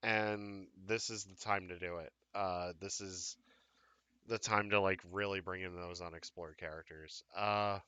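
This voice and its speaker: On a live fan talk show, a male co-host speaks in a low, steady, unhurried voice that is pushed, bright, and smooth, recorded dry. The casual live-stream chat wanders, full of fillers and restarts.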